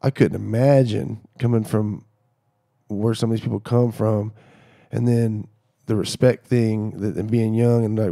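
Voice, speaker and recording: Middle-aged man, gravelly and mellow, casual podcast storyteller who acts out the dialogue. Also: lowish voice, unhurried. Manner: animated storyteller acting out quoted dialogue.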